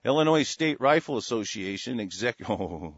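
A man's voice: mid-range voice, lively intonation, normal speed, breathy edge, no room sound, highs cut off. A middle-aged man reading news stories aloud and breaking off into angry, sarcastic, profane rants. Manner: angry, sarcastic, swears a lot, reads then rants. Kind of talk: profane ranting commentary on news.

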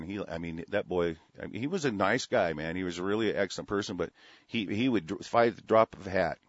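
A man's voice: low voice, dry recording. A middle-aged or older man hosting a talk radio show, telling stories in a blunt, profane, rambling way full of restarts. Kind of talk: rambling storytelling and political rant on talk radio. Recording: dull, lo-fi, dry radio broadcast audio.

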